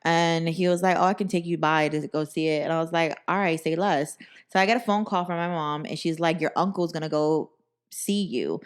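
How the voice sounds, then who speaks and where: A young woman hosting a podcast, telling a story in animated, profane casual chat and acting out the people in it. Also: low voice, fairly quick, clear, resonant tone. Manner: animated, profane, acts out quoted voices. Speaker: podcast host.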